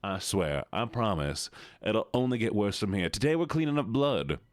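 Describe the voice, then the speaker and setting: A man's voice: fairly low pitch, sing-song, normal speed, no echo, clean studio sound. A tired but playful man streaming live, greeting his chat one by one. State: a bit tired. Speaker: livestreamer.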